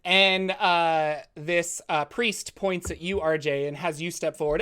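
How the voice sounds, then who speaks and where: A woman narrating a tabletop game as game master in an animated storytelling manner. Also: lowish voice, unhurried, few pauses, smooth.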